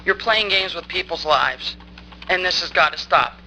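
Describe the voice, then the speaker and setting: Woman, council meeting public comment, angry, accusing, very tense forceful voice, faint background hiss. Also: lowish voice, moderate pace, low-quality recording. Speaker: resident speaking at public comment. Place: town council meeting room.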